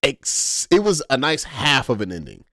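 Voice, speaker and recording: Animated, swearing male podcast co-host. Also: mid-range voice, normal speed, no room sound, studio quality. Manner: animated, profane ranting with frequent laughs. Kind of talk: casual podcast chat.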